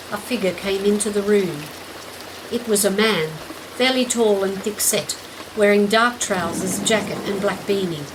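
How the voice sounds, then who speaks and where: Woman narrator, measured and gentle story reading, clear rain sound behind. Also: mid-range voice, background noise. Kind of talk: scripted narration. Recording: steady rain in background.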